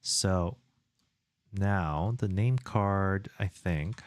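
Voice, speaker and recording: A man's voice: low voice, drawn-out words, no room sound. A man streaming his indie game development, chatting casually, muttering to himself and reading viewer chat aloud while he works.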